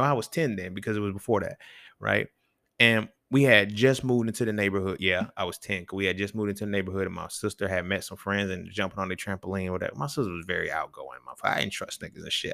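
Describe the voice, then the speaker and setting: A young man riffs alone on his podcast in a casual monologue, using loose, profane street slang in a gravelly, fry-filled voice with a fairly bright tone. He keeps putting questions to the listener that jump up in pitch. The recording is dry and close, with no room around it.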